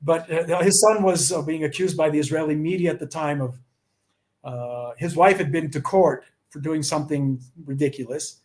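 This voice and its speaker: A man's voice: fairly high pitch, moderate pace. A middle-aged man from the USA, telling anecdotes as an interview guest and acting out the dialogue. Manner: animated, acts out dialogue in his anecdotes. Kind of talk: storytelling in conversation.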